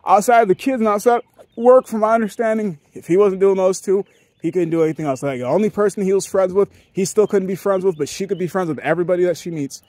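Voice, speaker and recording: A man's voice: sits high, fast talker, a little mellow, no room sound. A young man rambling through a casual podcast monologue, profane and often laughing. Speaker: podcast host.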